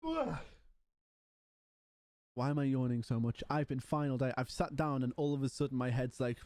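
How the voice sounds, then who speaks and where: A man's voice: mid-range voice, animated, normal speed, long pauses, darkish tone, no room sound. A man livestreaming from home, chatting casually and rambling while yawning and tired. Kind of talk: casual stream chat.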